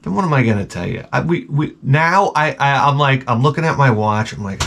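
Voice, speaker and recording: A man hosting his vlog, telling a profane comic story in an animated rant full of stammered restarts. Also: mid-range voice, fairly quick, hardly any pauses, a little hiss or hum. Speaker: vlogger host.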